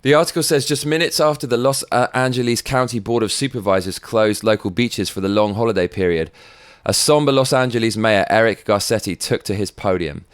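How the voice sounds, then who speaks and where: A man's voice: fairly low pitch, brisk, clear, resonant tone, no echo, studio quality. A man hosting a show, ranting in angry, profane political commentary and mocking what he reads out. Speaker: host.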